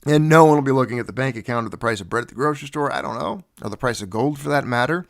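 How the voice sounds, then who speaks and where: A man's voice: medium pitch, rapid-fire, vocal fry. A man hosting a livestream, chatting casually and greeting viewers one by one. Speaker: livestream host. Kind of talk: casual chat with live viewers.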